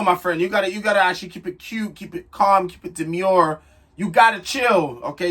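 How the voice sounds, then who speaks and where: A man's voice: a little high, fairly bright tone. A young man giving a blunt, chatty vlog recap of a reality TV show, talking straight to camera. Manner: chatty, blunt and direct, frequent restarts. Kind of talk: casual review chat to camera.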